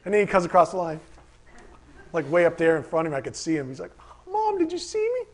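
A higher-pitched man with a husky, slightly breathy voice preaches to his congregation. He tells animated stories, acts out little asides and fires rhetorical questions between Scripture readings. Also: fast. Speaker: pastor. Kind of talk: sermon.

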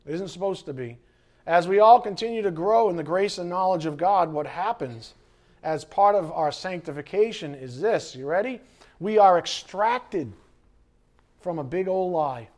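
A middle-aged man delivers a sermon as pastor, his voice sitting high for a man. He preaches in an animated way, acting out the voices of people he quotes and now and then breaking into a shout. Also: moderate pace.

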